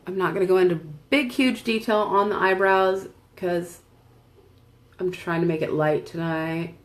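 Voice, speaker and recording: A woman's voice: lowish voice, steady tone, moderate pace. A woman at home chatting casually while doing her makeup in front of a camera, rambling and laughing often. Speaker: makeup vlogger and seller. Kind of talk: casual tutorial chat.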